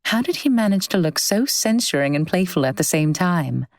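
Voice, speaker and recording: A woman reads a novel aloud in an even, measured storytelling style. Her voice sits on the low side. The recording is close and completely dry. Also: no room sound. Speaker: audiobook narrator. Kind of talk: scripted audiobook narration.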